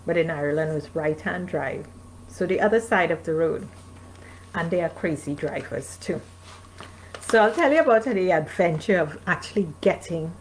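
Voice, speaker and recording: Streaming live from her home, a North American author reads from her memoir and periodically breaks off to talk with listeners. She has a lowish voice, and the rough recording carries a little background noise.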